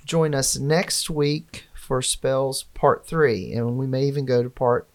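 Podcast co-host, casual, steady note-reader, mid pitch. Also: slow. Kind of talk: casual podcast chat, reading notes.

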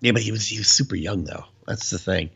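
A man's voice: lowish voice, fast, gravelly, fairly bright tone, slightly rough, dull audio. A man co-hosting a casual podcast chat, laid-back and joking.

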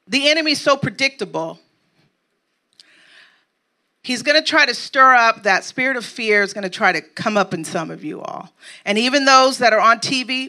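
A woman's voice: on the high side, sharp tone. A woman preaching a sermon to her congregation, rousing and emphatic, who keeps checking in with her listeners. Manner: lists items in an emphatic cadence.

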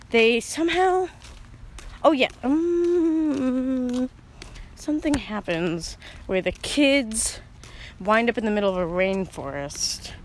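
A woman's voice: fairly high pitch, a bit bright. A young woman in casual chat, rambling through a long retelling full of fillers and laughter. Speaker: storyteller.

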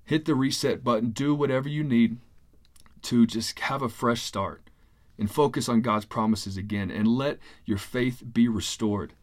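An earnest man delivers a sermon in a conversational tone, his voice sitting at an ordinary middle pitch. He speaks plainly and sincerely, and he often doubles back on his words as he explains each point. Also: unhurried. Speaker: pastor.

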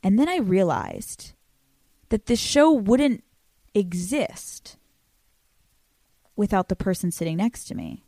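Young woman, podcast host, casual chat, profane, quick delivery, dry close mic. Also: medium pitch, no room sound. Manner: fast, profane, animated storytelling. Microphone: studio microphone.

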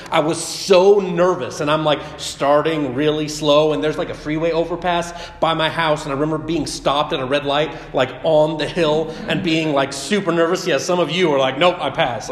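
A man pastor giving a chatty, conversational sermon with personal stories. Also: a little high. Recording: echoey hall reverb.

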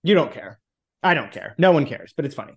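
A man's voice: on the high side, animated, fast talker, breathy edge. A man co-hosting a podcast, making wry remarks and reading book passages aloud. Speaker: podcast co-host. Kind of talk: casual comedic book discussion.

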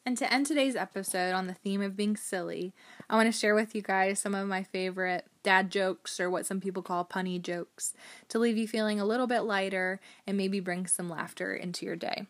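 A woman hosting a mindfulness podcast, talking in a gently encouraging way with the odd um. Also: mid-range voice, steady tone, fairly quick, no echo. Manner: gently encouraging, with occasional ums. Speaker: podcast host.

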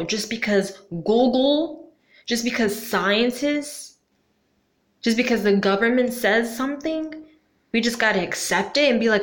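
Talking to the camera in an unhurried, slightly high voice, a young vlogger keeps things casual and slangy, asks lots of questions, drops "like" constantly, and swears occasionally, all with roomy echo.

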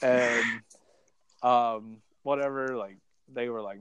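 A man's voice: medium pitch, fairly even intonation, moderate pace, no echo. Chatty man telling a story, dry sound. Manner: rambling, fills speech with "like", acts out quoted dialogue. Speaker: former contestant. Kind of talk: casual storytelling in an interview.

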